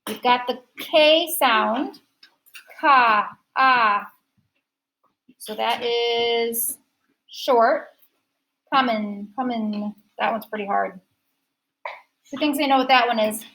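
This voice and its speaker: Slow, high-voiced woman teaching phonics. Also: gravelly, rough recording. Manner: slow, drawn-out sounding of word parts. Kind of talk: classroom phonics lesson. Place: classroom.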